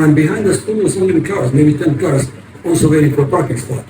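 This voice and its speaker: An older man tells his story in a halting, rambling way, his voice set a little high for a man. He sits back from the microphone, so the sound comes through echoey and distant. A steady hiss of noisy ambience runs underneath. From United States. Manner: rambling, halting, many restarts. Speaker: vlogger. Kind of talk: casual storytelling.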